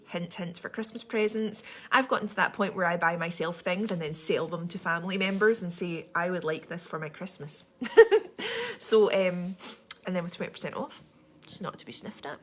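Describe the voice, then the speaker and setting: Young scottish woman hosting a live stream, talks super fast with lots of ums, lowish voice. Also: fairly bright tone. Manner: fast, chatty, rambling with many ums. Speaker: livestream host. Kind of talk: casual livestream chat.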